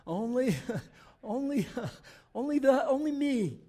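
Man doing a whiny prophet, self-pitying, high-pitched, despondent complaining. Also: lively intonation, slow, mellow, heavily acted. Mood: whining.

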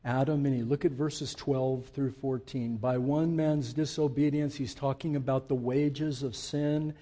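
A man preaching a sermon, swinging from loud emphatic peaks to quiet, low asides and putting direct questions to the congregation. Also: moderate pace, few pauses. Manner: emphatic, rising to loud peaks then dropping low and intimate. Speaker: pastor.

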